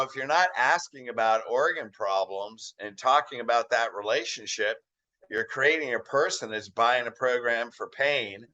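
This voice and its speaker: A man with a bright, forceful voice talks on a podcast, earnestly pressing fellow chiropractors to learn their craft. His pitch sits in the middle, and he drops in a teasing joke now and then. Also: dull audio. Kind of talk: casual podcast chat.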